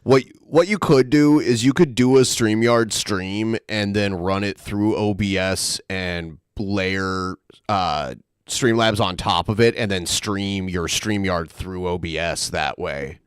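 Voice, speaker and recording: A man co-hosting a casual podcast in a laid-back, matter-of-fact tone. He speaks slowly and his voice is smooth and resonant. The sound is dry and close. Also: low-pitched, no echo. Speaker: podcast co-host.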